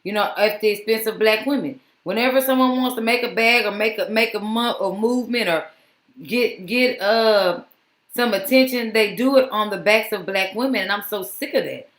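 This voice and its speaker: A woman's voice: mid-range voice, moderate pace, fairly bright tone, roomy sound. A woman vlogger giving casual, exasperated commentary that rambles with many restarts.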